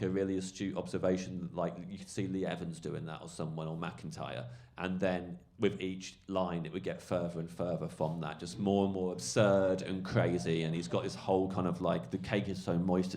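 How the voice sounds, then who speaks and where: A male comedian telling a rambling, animated anecdote on a podcast, full of fillers. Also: low-pitched, gravelly. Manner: rambling, animated storytelling, lots of fillers and swearing. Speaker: comedian guest.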